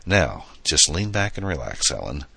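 A man doing a calm, deadpan alien pilot. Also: rumbling low, moderate pace, vocal fry, breathy edge, no room sound, full character voice. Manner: formal, deadpan.

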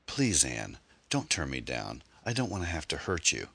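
A man's voice: a bass voice, wildly swooping pitch, normal speed, bright, forceful tone, breathy edge, no room sound, exaggerated voice. A man voicing a menacing young man who speaks with a slight hillbilly twang, coolly threatening and calculating. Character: menacing muscular young man, cold and coercive.

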